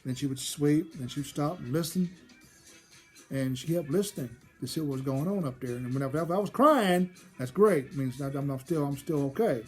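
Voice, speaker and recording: A man's voice: on the high side, normal speed, soft background music. A man telling a personal story from his childhood, rambling and often repeating and restarting his phrases. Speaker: storyteller host.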